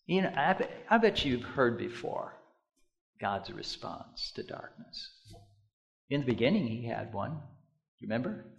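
A middle-aged man preaching a sermon, moving between loud storytelling and hushed, deliberate emphasis with drawn-out repetitions. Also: mid-range voice, very animated, vocal fry, highs cut off. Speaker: pastor.

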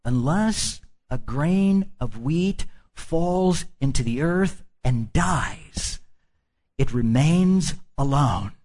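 A man's voice: on the high side, lively intonation, drawn-out words, darkish tone. A man preaching a sermon. He draws out his phrases for emphasis and puts questions to the congregation. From Midwestern United States.

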